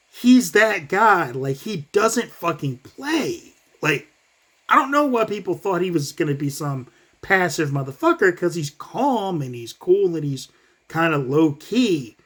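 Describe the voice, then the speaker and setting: Man, vlogger, profane rant, high lively voice, swings up and down a lot, talks in quick bursts. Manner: profane, animated, fast bursts, acts out quotes. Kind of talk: casual commentary rant.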